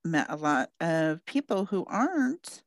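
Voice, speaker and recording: A woman's voice: sits low, sing-song, measured pace, no echo. Bubbly gushing woman podcast host. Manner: bubbly and gushing, laughs often. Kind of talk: casual interview chat.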